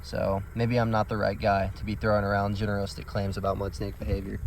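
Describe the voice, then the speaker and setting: A young man vlogging on a rural road at night, chatty, excitable and self-mocking, with slang. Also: lowish voice, brisk, few pauses, background noise. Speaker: field herper vlogger. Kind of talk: casual vlog narration on the road.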